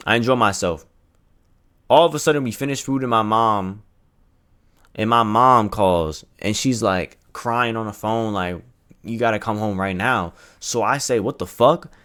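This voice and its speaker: A young man casually retelling a personal story in a storytime vlog, animated and profane, full of slang and acted-out quotes. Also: lowish voice, a little slow.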